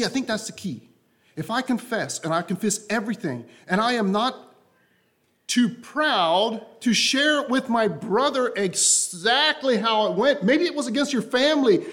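A man preaches a sermon to a congregation, impassioned and repetitive, often sinking into a soft, low voice.

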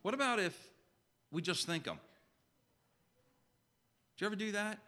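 A man preaching a sermon in a conversational way, asking his listeners direct questions and reading scripture slowly and solemnly. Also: high-pitched, animated, bright, forceful tone.

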